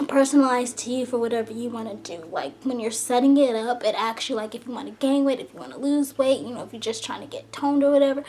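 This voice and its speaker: A young woman talking fast and a little out of breath, chatting casually to her camera, full of "like" and "you know.". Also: high-pitched, a little hiss or hum. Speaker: vlogger.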